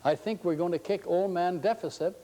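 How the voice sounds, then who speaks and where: A man voicing an excited male treasurer who gushes breathlessly about good news. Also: brisk, big-room sound, natural voice. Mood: ecstatic. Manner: breathless, gushing, high-pitched.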